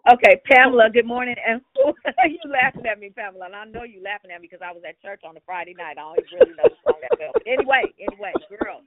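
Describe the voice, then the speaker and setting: A woman's voice: on the high side, very animated, fast talker, vocal fry. A woman hosting a call-in prayer line in a casual, playful way, laughing often and now and then breaking into song. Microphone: phone. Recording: phone line, dry.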